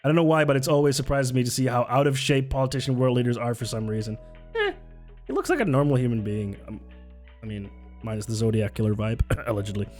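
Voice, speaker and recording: A man's voice: mid-range voice, lively intonation, quick pace, a little mellow, faint music behind. A man streaming live, reacting to videos with sarcastic, swear-laden commentary and frequent laughs, close to the mic.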